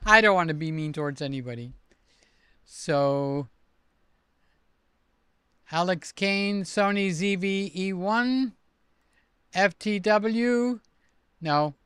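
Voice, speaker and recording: An older man hosting a casual livestream, chatty and excitable as he reads out comments and gives shout-outs. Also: high-pitched, clear, resonant tone, dry recording, studio quality. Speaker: livestream host.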